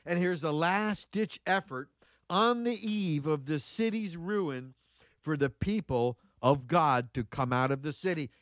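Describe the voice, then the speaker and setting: A man's voice: on the high side, measured pace, fairly bright tone, dry recording. Folksy, emphatic male preacher. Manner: folksy, conversational asides with exclamations; emphatic, repeating key phrases. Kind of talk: sermon with Bible reading.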